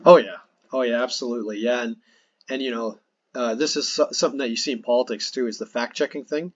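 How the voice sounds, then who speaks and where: A man's voice: medium pitch, fairly even intonation, quick pace, muffled recording, slight background noise. A man hosting a podcast, earnestly explaining his points in casual conversation, restarting phrases as he goes. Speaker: podcast host.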